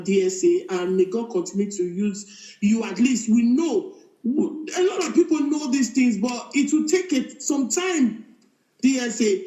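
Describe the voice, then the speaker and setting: Caller: woman, animated and laughing, mellow tone, echoey phone line. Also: fairly high pitch. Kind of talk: phone-in testimony. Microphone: phone call played into the room.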